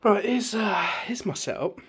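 Hoarse man rambling on a phone. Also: high voice, lively intonation, normal speed, fairly bright tone. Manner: rambling, chatty, easily sidetracked. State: hoarse, losing his voice. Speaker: YouTuber. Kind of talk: casual vlog room tour. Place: bedroom.

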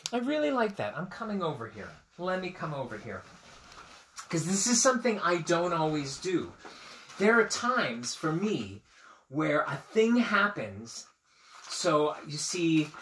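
A man teacher reading a picture book aloud to children, expressive and asking his listeners questions. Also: on the high side, echoey room, slight background noise.

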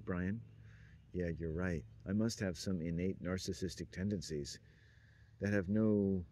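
Low-voiced guy rambling on, chuckly, wandering thoughts, faint hiss behind. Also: dark tone. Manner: meandering, frequent chuckles, trailing off. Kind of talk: rambling stream-of-consciousness monologue.

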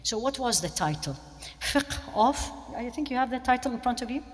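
A woman's voice: fairly high pitch, lively intonation, a little fast. A woman giving an interactive religious lecture, often asking questions of her listeners. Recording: long hall reverb.

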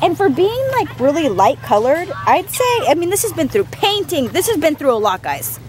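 A woman's voice: high voice, big pitch swings, normal speed, background noise. A woman in her thirties chatting casually to camera as a family vlogger, rambling and calling viewers "guys". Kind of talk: casual vlog chat to camera.

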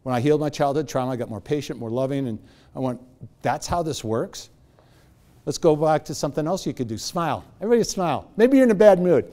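Middle-aged male motivational speaker, fairly high voice, energetic and joking, leads the audience in exercises. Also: very fast. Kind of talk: motivational talk to a live audience.

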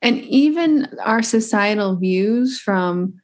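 Woman, 30s, upbeat chatty host, average pitch, trips over her words a bit. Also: animated, slow. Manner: upbeat, chatty, stumbles and restarts. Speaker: podcast host. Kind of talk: casual interview chat.

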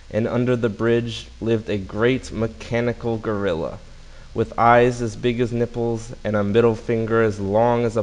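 A man's voice: lowish voice, a little mellow, rough recording. A man reading a silly fill-in-the-blank fairy tale aloud in a casual storybook manner.

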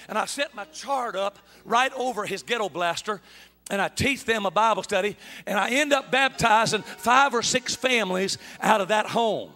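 A man's voice: sits high, sharp tone. An older man, a bishop, preaching a sermon in a folksy storytelling manner. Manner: folksy storyteller, acts out dialogue. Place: church sanctuary.

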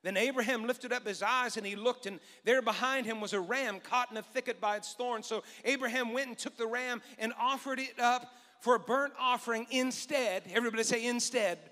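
A male pastor preaching a sermon, telling a Bible story in an animated way and acting out the voices. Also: very high-pitched, a little fast, hardly any pauses, long reverb tail.

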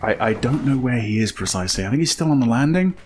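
Talking quickly with lively intonation in a medium-pitched voice, a man commentates his horror game session over game music. He jumps at scares, laughs nervously, and keeps talking to himself throughout.

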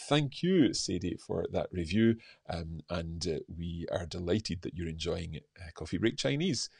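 A man hosts a live stream in a relaxed, chatty way, stopping often with ums and restarts. His voice sits low and a little husky. The sound is dry and close, with no room echo. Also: measured pace. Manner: chatty, many fillers and restarts. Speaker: podcast host reading listener reviews. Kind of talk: live-stream casual chat.

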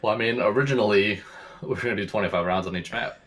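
A young man with a Southern American accent and a deep, soothing voice, chatting calmly with friends while gaming. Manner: calm, slow drawl. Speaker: streamer. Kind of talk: casual gameplay chat with friends.

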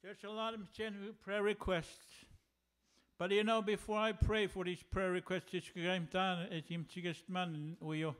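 A man's voice: sits high, level tone, unhurried, a bit bright, clean tone. A man serving as pastor who leads prayer during a sermon, earnest and prayerful.

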